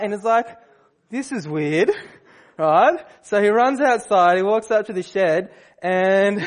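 A man preaching a sermon, telling a story in a relaxed, conversational way with fillers and restarts. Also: sits high.

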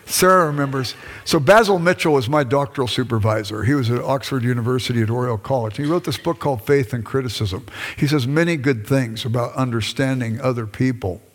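This older lecturer, formerly a pastor, addresses a class conversationally in a mid-range voice, going a little fast. He stages bits of back-and-forth dialogue with his wife, and the recording carries a hall's long reverb.

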